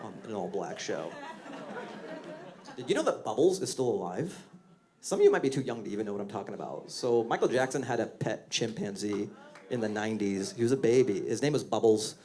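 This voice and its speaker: Lively self-mocking stand-up comedian. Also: male voice, on the low side, fairly quick, some chatter behind. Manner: conversational, self-mocking, punchy. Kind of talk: live stand-up set. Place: comedy stage before a live audience. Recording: live audience laughter. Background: audience laughter.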